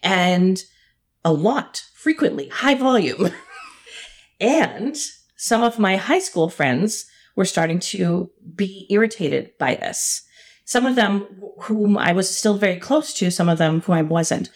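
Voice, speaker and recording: A woman's voice: mid-range voice, expressive, slow. A middle-aged woman telling a personal story as a podcast guest, earnest and emphatic with frequent laughs.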